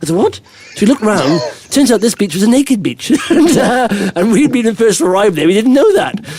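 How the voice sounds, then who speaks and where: A man's voice: sits high, sing-song, fairly quick, a little mellow, slight background noise. A middle-aged man hosting a podcast, telling rambling anecdotes in casual chat and chuckling often. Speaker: podcast host.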